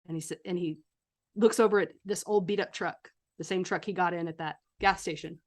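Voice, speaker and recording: A woman's voice: lowish voice, fairly even intonation, a little fast. Woman running a tabletop horror game. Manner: casual, cinematic scene-setting with fillers. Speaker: game master.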